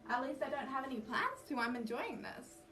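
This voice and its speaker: High-pitched and sing-song, a little fast with a sharp tone, a young woman chats casually to her livestream audience. As a cosplay livestreamer, she jokes at her own expense and gets sidetracked easily, while background music plays behind a distant mic.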